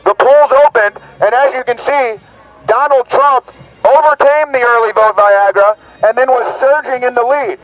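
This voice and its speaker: Strained, high-pitched man haranguing an outdoor crowd through a megaphone; mocking, rowdy delivery, dull recording. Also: moderate pace. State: voice strained, nearly gone. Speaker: rally speaker. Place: outdoors at a street rally.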